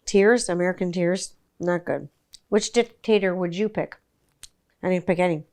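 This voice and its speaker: A woman's voice: medium pitch, moderate pace, a little mellow. A woman in her forties hosting a podcast, ranting and telling stories in a casual, sweary, sarcastic way. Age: 40s. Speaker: podcast host. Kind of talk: casual profane monologue.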